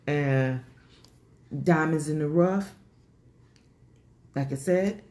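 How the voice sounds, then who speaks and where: Woman, low voice, rambling heartfelt storytelling, lots of "you know", gets animated and higher when excited. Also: extremely slow. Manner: rambling, repeats words, many fillers like "you know". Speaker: organization founder sharing her story. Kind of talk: emotional personal storytelling.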